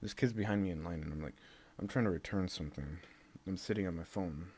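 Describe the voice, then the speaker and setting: A man's voice: low-pitched, quick pace, a little mellow, a little hiss or hum. A man telling a rambling comic story, acting out both sides of each exchange in exaggerated voices and laughing at his own tale. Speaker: video creator.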